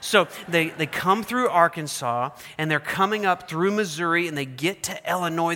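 A man from Oklahoma preaches from the pulpit in a high, bright, forceful voice. He spins animated stories, then turns serious. His words trail off in the long reverb of a large sanctuary. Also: normal speed, hardly any pauses. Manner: animated storyteller, builds excitement then drops to earnest. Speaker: pastor. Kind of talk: sermon.

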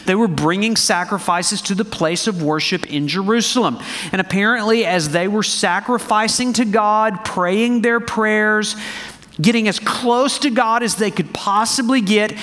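High-voiced man preaching in a reverberant hall. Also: normal speed. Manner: animated, conversational preaching with rhetorical questions. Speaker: pastor. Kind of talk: sermon.

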